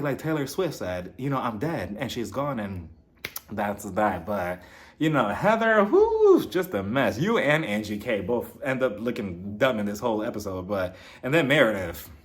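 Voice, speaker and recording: A man recapping a reality TV episode in a casual, sassy way, laughing and talking straight to the people on the show. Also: mid-range voice. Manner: sassy, laughing asides, talks straight to the cast.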